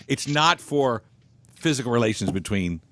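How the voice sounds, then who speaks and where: A man hosting a talk show, telling stories in an animated, opinionated way. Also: mid-range voice, normal speed. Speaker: radio talk show host. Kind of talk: radio talk show chat.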